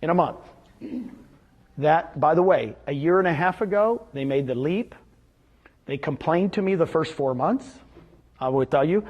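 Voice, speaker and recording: A middle-aged man giving an energetic motivational sales talk to a live audience, often quizzing his listeners with rhetorical questions. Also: a little high, moderate pace, long pauses, slightly rough. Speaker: seminar speaker.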